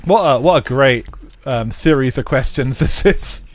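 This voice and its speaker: Medium in pitch and measured in pace, a young man streams a racing game live with faint music behind. He talks casually with viewers, rambling, swearing and using lots of fillers.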